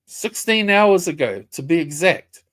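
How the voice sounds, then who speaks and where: A man's voice: on the high side, sing-song, a little slow, a bit bright. Sweary New man ranting. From New Zealand. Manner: confrontational, swears a lot, repeats himself. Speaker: livestreamer. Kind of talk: casual livestream rant.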